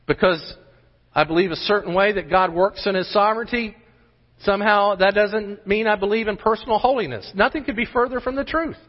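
Emphatic high-voiced male preacher. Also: fairly quick. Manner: emphatic preaching with repeated rhetorical questions. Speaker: pastor. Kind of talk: sermon. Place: church sanctuary. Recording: muffled sermon audio in a large hall.

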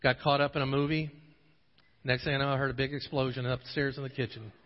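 A man preaching a sermon, at times pleading with rising intensity, at times telling a relaxed story. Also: mid-range voice, quick pace. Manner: passionate, swelling to pleading intensity in prayer passages. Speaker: pastor. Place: church sanctuary. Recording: dull audio with long hall reverb.

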